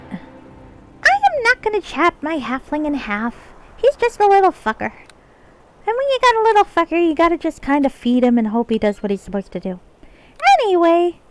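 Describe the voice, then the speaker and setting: A woman streamer putting on a high, shrill, bouncy pixie voice while chatting during a game stream. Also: huge pitch swings, moderate pace, pauses often, very noisy, exaggerated voice. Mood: cheeky. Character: high shrill female pixie, chirpy and foul-mouthed. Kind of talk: live game stream chat.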